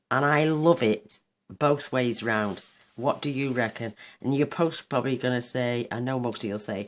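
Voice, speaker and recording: A woman hosting a card-making tutorial, chatting enthusiastically while she works, her voice a little croaky. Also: a bass voice, normal speed. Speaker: craft channel host.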